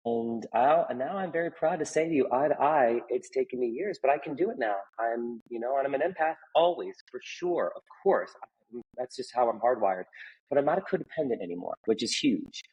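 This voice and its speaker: A man's voice: mid-range voice, animated, brisk, a little mellow, breathy edge, highs cut off. A man in his forties, a personal trainer and author, speaking earnestly and with open emotion as an interview guest. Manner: earnest, emphatic, openly emotional. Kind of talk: candid conversational interview.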